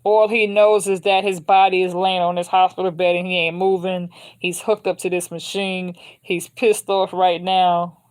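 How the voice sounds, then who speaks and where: A woman's voice: fairly low pitch, little pitch movement, normal speed, few pauses, a little mellow. Casual, emphatic woman reading tarot. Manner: informal, repetitive, emphatic. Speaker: tarot reader.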